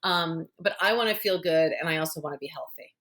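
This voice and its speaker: Bright-voiced woman in her fifties. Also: sits low, fairly quick. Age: 50s. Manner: candid, chatty, lots of fillers. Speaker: guest author. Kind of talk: casual conversational interview.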